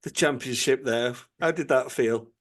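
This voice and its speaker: A man's voice: mid-range voice, moderate pace. Man teasing his guest with questions. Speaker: podcast host, priest. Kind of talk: casual interview.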